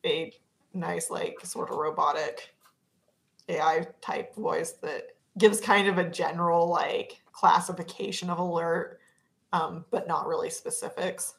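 A woman with a somewhat low voice talks casually as a player in a tabletop game. She thinks out loud and hesitates often, filling pauses with "like". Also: fairly even intonation, gravelly. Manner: thoughtful, hesitant, many "like"s.

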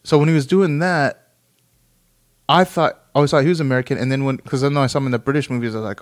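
A man's voice: mid-range voice, steady tone, fast. A man in his thirties chatting casually and rambling, swearing often and breaking into laughter.

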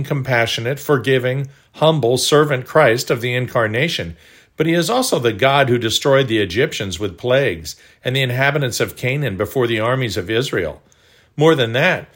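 A man with an ordinary mid-range voice reads a devotional audiobook. His delivery is measured and earnest. Every sentence sounds carefully scripted. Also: mid-range voice, a bit bright. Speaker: devotional narrator.

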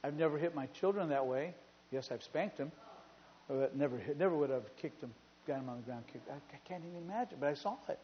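A male pastor preaching a sermon in a church, telling stories in an animated way and repeating phrases for emphasis. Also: on the high side, brisk, a little hiss or hum. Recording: reverberant hall, dull sound.

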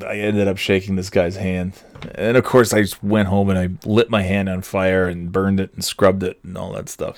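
Man, podcast host, lowish voice, dry close sound, swearing, rambling and sardonic. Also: no echo. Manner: profane, sardonic, rambling with many fillers. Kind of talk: casual rambling monologue. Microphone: headphones on, podcast microphone.

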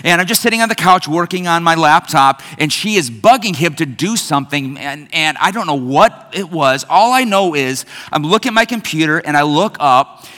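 A middle-aged man delivers a sermon with animated storytelling, slipping into family voices. His voice sits a bit high and rings bright and forceful. A long reverb from the church hall trails every phrase. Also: normal speed. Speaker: pastor.

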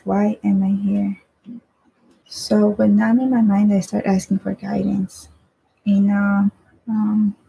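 A woman's voice: medium pitch, gravelly, dark tone, a little hiss or hum, poor audio. A woman casually telling a personal story in a rambling way, swearing freely and often asking "right?".

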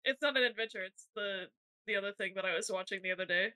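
A woman guesting on a podcast, chatting casually and jumping in with quick corrections. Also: medium pitch, crowd noise. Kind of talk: casual chat.

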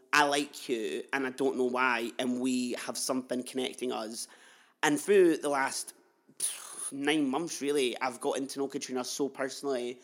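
A young man hosting a casual podcast interview, gushing and effusive, talking warmly about his guest. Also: mid-range voice. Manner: gushing, effusive, laughs often. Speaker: podcast host.

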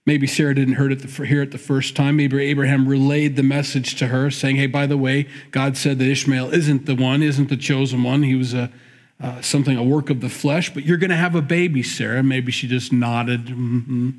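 A middle-aged man gives a conversational sermon from the pulpit. He reads a verse, then muses aloud on it with plenty of self-correction. His voice sits at an ordinary middle pitch. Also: little pitch movement, moderate pace. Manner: reflective, musing, reads scripture aloud then comments. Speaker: pastor.

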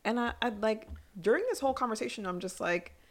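A young woman co-hosting a podcast, reacting in an animated, casual way as she and a friend recap a movie. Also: fairly high pitch, fast. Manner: animated, reacts with voiced asides. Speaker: podcast co-host.

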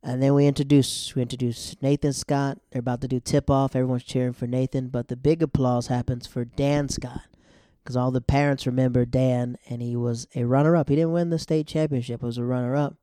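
A man's voice: mid-range voice, little pitch movement, brisk, mellow, clear, resonant tone, no echo, studio quality. A man casually recapping a TV episode in a chatty, slangy way, now and then acting out the characters' lines.

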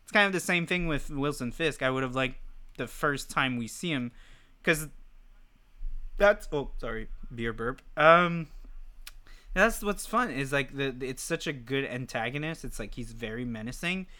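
A man's voice: medium pitch, expressive, normal speed, bright, forceful tone. A man co-hosting a podcast, talking casually and animatedly, full of fillers and swearing. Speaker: podcast co-host. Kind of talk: casual chat. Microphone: podcast mic.

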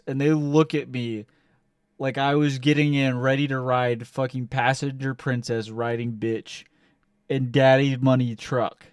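A young man co-hosting a casual podcast, telling a story with lots of swearing and loud acted-out quotes. His voice is smooth and clear. He sits a little back from the mic in a dry room. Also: medium pitch, unhurried, dry recording, recorded from a distance. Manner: animated, profane, acts out quotes loudly. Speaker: podcast co-host.

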